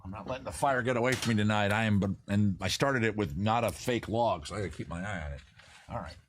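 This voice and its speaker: A man's voice: lowish voice, fast talker, a little hiss or hum. A man hosting a casual livestream from outdoors by a fire, joking and rambling as he goes. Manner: rambling, jokey, animated. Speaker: livestream host.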